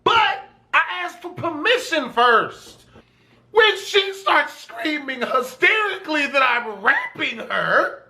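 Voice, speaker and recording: A young man with a very high speaking voice tells a story from his own life in a loose, rambling way. He swears constantly and gets animated, sometimes jumping into excited shouts. His tone stays bright and forceful. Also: moderate pace. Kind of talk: casual storytime monologue.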